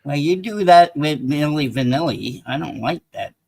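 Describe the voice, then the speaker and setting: Rich: A man with a gravelly, raspy voice trades dry one-liners as a co-host of a casual stream. The sound is close and dry. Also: on the high side, lively intonation, normal speed, darkish tone, dry recording. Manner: dry, short replies. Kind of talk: casual live-stream banter.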